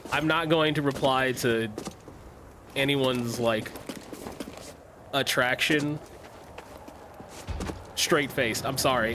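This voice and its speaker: A man's voice: medium pitch, background noise. A young man streaming a game, chatting casually, joking, swearing and laughing often. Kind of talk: casual livestream chat.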